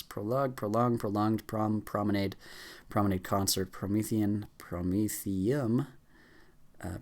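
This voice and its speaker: Man rattling off words at speed. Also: lowish voice. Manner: rattling off words fast with frequent stumbles and restarts. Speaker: YouTuber. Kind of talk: rapid list reading for a speedrun challenge.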